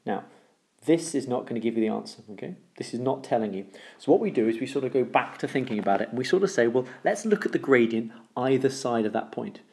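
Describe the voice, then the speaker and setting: A man's voice: mid-range voice, animated, quick pace. A man teaching a recorded maths lesson, explaining step by step, repeating the key rules and checking in with "okay?". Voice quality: gravelly, dark voice.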